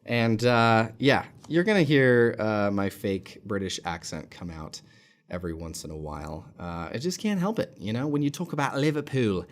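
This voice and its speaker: A man hosting a fan channel, giving a casual, excitable match reaction with many fillers. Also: lowish voice, normal speed.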